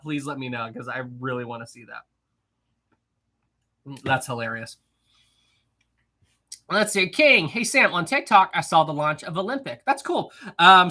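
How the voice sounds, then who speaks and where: A man hosts a casual live stream, talking straight to his chat in an upbeat, friendly way. His voice sounds bright and forward. He greets viewers one by one and reads their messages out. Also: on the high side.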